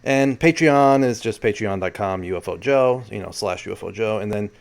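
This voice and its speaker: A man's voice: lowish voice, moderate pace, gravelly. A man hosting his own video, talking casually and rambling, often correcting himself mid-sentence. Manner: chatty and rambling, with self-corrections. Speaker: video host. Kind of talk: casual solo commentary.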